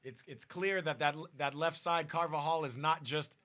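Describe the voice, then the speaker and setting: A man hosting a live football watch party, chatting excitedly to viewers, often repeating and restarting phrases. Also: on the high side, normal speed. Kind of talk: casual live-stream chat.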